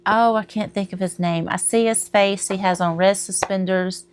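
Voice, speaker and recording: A woman's voice: mid-range voice, fairly even intonation, normal speed, a little hiss or hum. A middle-aged woman, chatting casually to camera at home, rambling and laughing at herself. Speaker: crochet vlogger.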